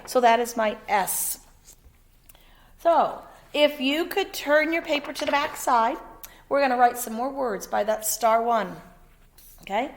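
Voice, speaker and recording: A woman teaching a second-grade phonics lesson, sounding out letters slowly and clearly and encouraging her pupil. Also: medium pitch. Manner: slow, patient, over-articulates letter sounds; encouraging, checks in with "okay?".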